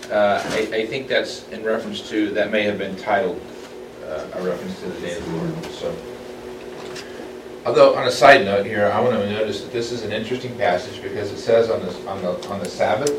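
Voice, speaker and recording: Bible study leader, man, mid-pitched, halting delivery, distant mic in a reverberant room. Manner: halting, restarts often, slows for reading. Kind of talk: group Bible study, reading scripture aloud. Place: room with a small group. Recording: echoey room, distant mic, background noise.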